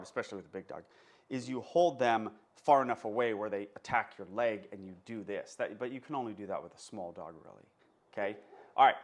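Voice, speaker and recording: A man, a dog trainer, giving an emphatic, unscripted talk and often stopping to check that his listeners follow. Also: mid-range voice. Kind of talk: casual instructional monologue.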